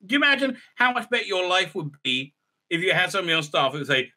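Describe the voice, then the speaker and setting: A man's voice: high voice, big pitch swings, fast talker, bright, forceful tone. A man reviewing a TV episode in a casual, rambling recap, mocking and sarcastic about what he watched. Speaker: show reviewer.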